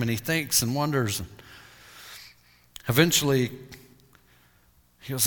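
A male pastor delivering a sermon, retelling scripture with lively storytelling. His voice sits at a middle pitch, and a long reverb hangs behind it from a large hall. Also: a little slow, pauses often.

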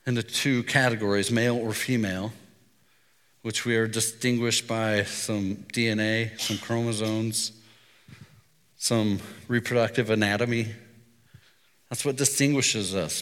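Bright-voiced man preaching in a reverberant hall. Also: medium pitch. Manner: conversational storytelling preacher. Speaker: pastor. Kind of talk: sermon.

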